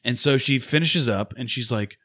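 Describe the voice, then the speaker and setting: As a podcast co-host, a man in his thirties chats casually, rambling through a story, swearing freely, and voicing the other people in it. His voice is bright and forceful, mid-pitched, at a normal speed.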